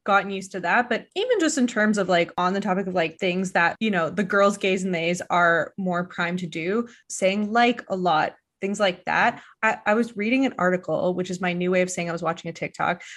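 A woman hosting a podcast, chatting casually, laughing often and tossing in quick self-mocking asides. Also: lowish voice. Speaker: podcast host. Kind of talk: casual interview chat.

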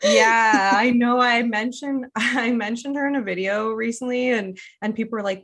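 A woman's voice: mid-range voice, a little slow, a bit bright. A woman from Quebec hosting a podcast, chatting casually and laughing often. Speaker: podcast host. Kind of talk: casual chat.

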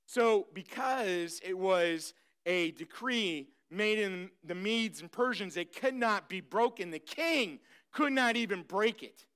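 A male pastor preaching to his congregation, with a high, bright voice. His tone is clear and smooth as he reads scripture and urges the room to answer back. He is energetic and exclaims often. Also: slow pace. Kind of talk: live sermon. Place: church service.

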